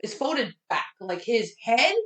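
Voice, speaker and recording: A woman with a slightly high voice recaps a film plot on a casual podcast. She talks in a loose, chatty way and fills the gaps with likes and ums as she goes. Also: animated, a little slow, bright, forceful tone, reverberant, distant mic. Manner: chatty retelling with fillers, laughs at the effects. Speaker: podcast co-host. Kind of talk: casual movie review chat.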